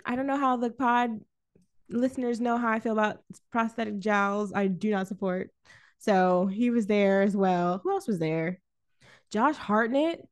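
Woman film podcast host, casual and animated, frequent laughter, mid-pitched everyday voice. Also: unhurried. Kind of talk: casual film review chat.

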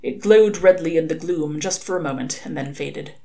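A woman reading a novel aloud with lively, expressive narration. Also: deep voice, normal speed. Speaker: reader.

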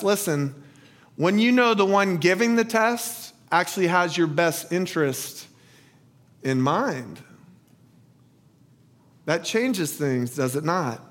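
Slow, high-voiced male preacher. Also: lively intonation, fairly bright tone. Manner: slow storytelling, rhetorical questions. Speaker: pastor. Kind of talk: sermon.

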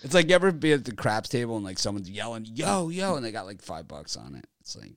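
A man's voice: fairly low pitch, big pitch swings, quick pace, no room sound, studio quality. A man hosting a casual sports betting show over a video call, joking and rambling as he teases his co-hosts. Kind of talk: casual banter podcast.

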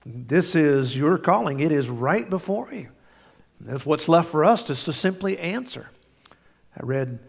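A man preaching a sermon in a lively, conversational way, building to emphatic peaks. His voice sits a little high for a man and carries a gravelly edge. Long reverb trails off every phrase, as from a large hall. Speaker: pastor.

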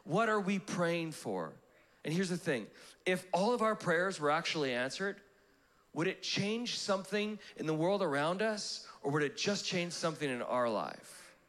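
A young adult man preaching a live church sermon, animated and playful, acting out prayers in comic voices. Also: on the high side. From Canada. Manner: animated, acts out prayers in funny voices, laughs often. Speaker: pastor. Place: church auditorium.

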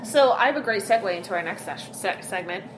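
A woman co-hosting a casual podcast chat who tells stories in an animated, frank and profane way. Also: medium pitch, quick pace. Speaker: podcast co-host. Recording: noisy background hiss.

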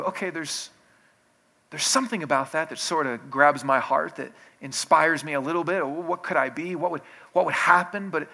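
A man's voice: mid-range voice, gravelly, bright, forceful tone. A man preaching a sermon in a conversational way, with restarts, building in intensity. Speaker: pastor.

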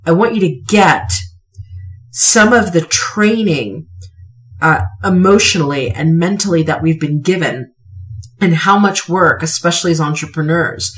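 A woman's voice: on the low side, unhurried, far from the mic. A woman hosting a podcast, giving an earnest, emphatic motivational talk and repeating phrases for weight. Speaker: podcast host.

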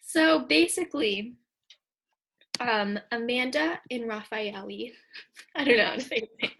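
Breathy-voiced teenage girl, giggly co-host. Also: fairly high pitch, lively intonation, unhurried, fairly bright tone. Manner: chatty, giggly storytelling. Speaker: podcast co-host. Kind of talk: casual chat.

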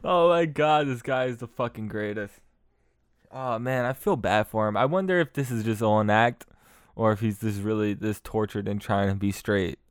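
A man hosting a podcast, giving crude comic commentary on clips, laughing often and excitable. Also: fairly low pitch, normal speed, clean tone, no room sound, studio quality. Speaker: podcast host.

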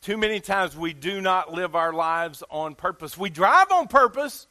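A man's voice: sits high, animated, a little slow, sharp tone. A man with a Southern US accent preaching a sermon in an emphatic, folksy way, asking his listeners questions.

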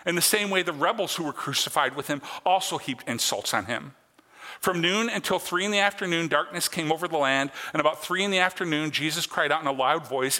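A man's voice: a little high, a little fast, sharp tone. A man preaching a sermon as a pastor, earnest and conversational, checking in with his congregation. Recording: long hall reverb.

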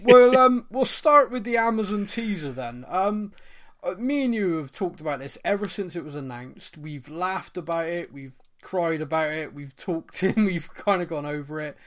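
Male podcast host from England, chatty, quick to laugh, slightly high voice. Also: lively intonation, fairly bright tone. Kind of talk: casual chat.

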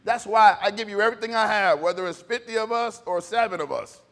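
The reverberant church hall carries a pastor's sermon as he calls out for the congregation's responses. His scratchy voice sits high and sounds a bit bright, and he moves at a quick pace.

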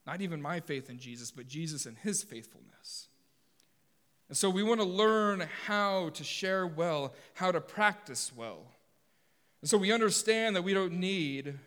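Preaching a sermon to his congregation, a pastor speaks with energy and slips in joking asides to the people before him. His voice is a little high for a man, and it rings with the long reverb of a big hall.

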